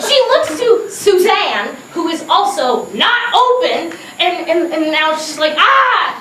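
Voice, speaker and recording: A woman telling a comic story about herself to an audience, animated and laughing, with bursts of shouting. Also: extremely high pitch. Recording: echoey room heard from a distance, noisy.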